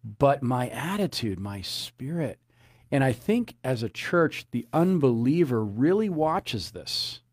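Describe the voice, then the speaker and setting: A man's voice: mid-range voice, big pitch swings, takes it slowly, darkish tone, no room sound, studio quality. A man preaching a sermon as a pastor, earnest, often repeating his phrases and citing scripture.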